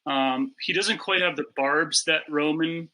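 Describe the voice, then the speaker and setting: A man, an actor guest on a video-call panel, speaking in an easygoing, measured way. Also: a little high, bright, forceful tone, slight background noise, rough recording. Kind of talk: casual panel chat.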